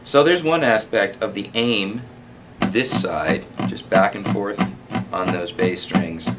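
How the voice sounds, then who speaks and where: Low-voiced man teaching guitar. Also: takes it slowly, poor audio. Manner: counts beats aloud while strumming. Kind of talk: relaxed spoken guitar lesson with counting. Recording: loud guitar under the voice.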